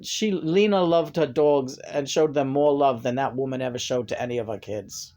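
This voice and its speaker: A woman's voice: sits low, expressive, moderate pace, hardly any pauses, darkish tone. A middle-aged woman venting in a profane personal rant to her camera, her voice jumping up in angry bursts. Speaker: vlogger.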